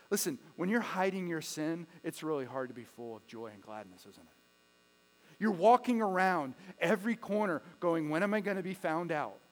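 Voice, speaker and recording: Pastor, male, high voice, hushed to loud preaching, long hall echo. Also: animated, a little fast. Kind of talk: sermon.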